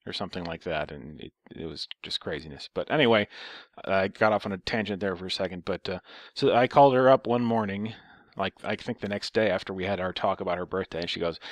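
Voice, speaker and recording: A man's voice: low-pitched, brisk, no room sound, clean studio sound. Sarcastic man ranting through a story. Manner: sarcastic, profane, rambling. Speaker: storyteller vlogger. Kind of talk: casual storytelling.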